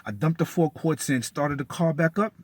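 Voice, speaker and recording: A man's voice: a little high, animated, moderate pace. A man telling a story in an agitated, profane rant, cursing and repeating himself. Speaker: vlogger.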